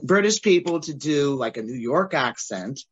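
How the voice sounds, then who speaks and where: A woman talks as a guest writer in a relaxed interview, her pitch swooping up and down as she tells stories. She laughs easily along the way. The sound is muffled and lo-fi. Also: moderate pace, husky. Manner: animated storytelling with frequent laughs. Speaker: playwright guest. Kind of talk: casual interview chat.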